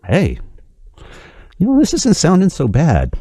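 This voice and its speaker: A man's voice: on the high side, huge pitch swings, unhurried, warm tone, no echo, clean studio sound, pitched above the performer's own voice, full character voice. A man voicing an ordinary man who has just died and is surprised by hell, talking hesitantly, as part of a joke.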